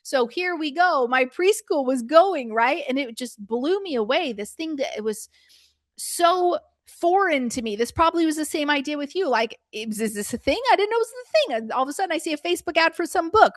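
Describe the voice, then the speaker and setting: A middle-aged woman presenting a workshop as a preschool business coach. She tells stories in an animated way and acts out her own past reactions. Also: high voice, fairly quick, dry recording, clean studio sound.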